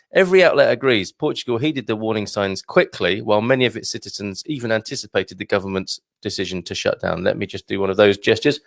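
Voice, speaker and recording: A man's voice: medium pitch, vocal fry, no echo, clean studio sound. A man hosting a chatty news commentary with a slight cough, reading reports and breaking off into jokey asides. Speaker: channel host reading news.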